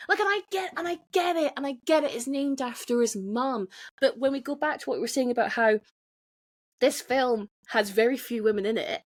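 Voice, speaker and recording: A higher-pitched woman hosts a casual film review podcast. She talks animatedly, swears freely and acts out lines in little voices. The sound is close and dry. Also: a little fast, no room sound. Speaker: podcast host.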